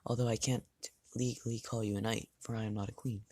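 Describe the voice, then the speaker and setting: A man's voice: on the low side, little pitch movement, fast, a little mellow, dry recording, lightly acted. A man voicing a polite, earnest young noblewoman in his own voice, formal in speech.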